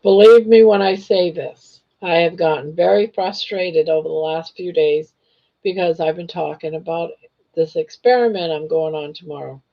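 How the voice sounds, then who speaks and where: An older woman hosting a casual livestream chat, reading viewer comments in a gentle, reassuring way while hoarse from losing her voice. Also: lowish voice, moderate pace. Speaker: livestream host. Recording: dull lo-fi livestream audio.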